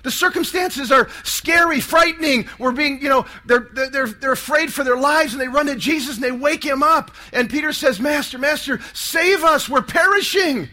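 A man's voice: extremely high pitch, moderate pace, few pauses, pushed and bright. A man preaching a sermon to a live audience, emphatic and calling for responses.

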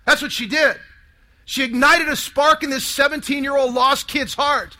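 Bright, high-voiced man telling a dramatic testimony. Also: steady tone, normal speed. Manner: dramatic storytelling, sinking to hushed tones and rising to loud outbursts. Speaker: speaker giving a testimony. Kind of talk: emotional testimony talk to a live audience.

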